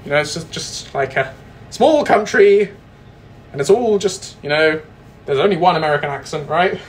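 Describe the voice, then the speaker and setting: A man's voice: a little high, moderate pace. A British man hosting a casual baking livestream, joking, self-deprecating and rambling as he chats with his viewers. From Britain. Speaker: livestream host.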